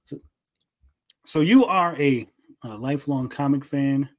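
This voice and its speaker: A man's voice: medium pitch, unhurried. A man hosting a live stream, talking casually in a laid-back, chatty way. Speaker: host.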